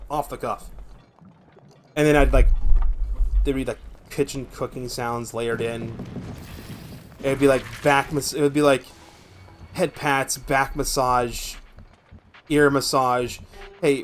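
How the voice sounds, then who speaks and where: A young man with a gravelly voice, streaming a game from home and chatting in a rambling, profane way. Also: mid-range voice, a little slow, pauses often, faint music behind. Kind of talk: casual gameplay chat.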